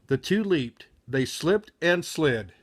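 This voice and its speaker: A man's voice: fairly high pitch, expressive, slow. A man reading a children's picture book aloud with frequent slips and self-corrections.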